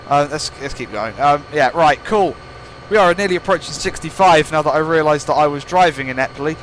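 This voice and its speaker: A man's voice: on the high side, fairly quick, few pauses, a little hiss or hum. A young man giving rambling, playful commentary over gameplay, joking at his own expense. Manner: rambling, playful, self-mocking. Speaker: gaming channel host.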